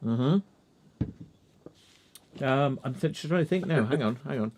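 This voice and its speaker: A man's voice: mid-range voice, lively intonation, measured pace, a little mellow. A man hosting a casual live chat, rambling and leaning on "you know" as he explains things.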